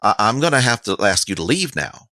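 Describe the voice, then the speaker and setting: A man's voice: fairly low pitch, big pitch swings, brisk, bright, forceful tone, dry recording, clean studio sound. A man voicing a nervous, polite stranger who stammers through every sentence. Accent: Icewind Dale (fictional).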